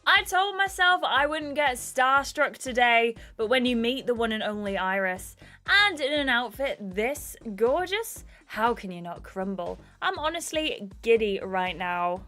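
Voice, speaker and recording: A woman's voice: fairly high pitch, measured pace, soft background music. A woman reading as a bubbly starstruck host. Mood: gushing. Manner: gushing, excitable fangirl chatter. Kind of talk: reading game dialogue aloud.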